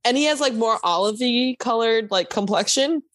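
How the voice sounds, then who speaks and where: A woman's voice: a little high, moderate pace. A young woman hosting a podcast, chatting casually and acting out the people in her stories. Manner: animated storyteller, quotes people in lively voices. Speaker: podcast host. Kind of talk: casual chat.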